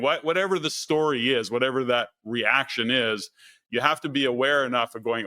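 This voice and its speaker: A man's voice: mid-range voice, fairly quick, sharp tone. A man hosting a podcast interview, thinking aloud in long, looping sentences. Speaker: podcast host. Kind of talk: conversational interview.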